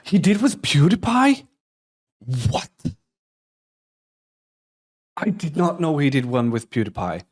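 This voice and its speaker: A man's voice: on the high side, huge pitch swings, slow, pauses often, a little mellow. A young man, rambling and joking through a live reaction stream, often restarting his sentences. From Poland. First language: Polish. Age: young adult. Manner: rambling and self-mocking, with frequent restarts and swearing.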